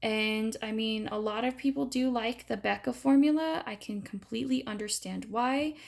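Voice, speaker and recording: A woman's voice: a little high, normal speed, gravelly, a little mellow. A woman giving a chatty, enthusiastic beauty product review in a casual vlog. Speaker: beauty vlogger.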